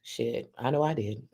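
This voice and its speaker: A commentator giving loose, joking live commentary in a casual chat style, often saying "you know". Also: male voice, mid-range voice, mellow, breathy edge.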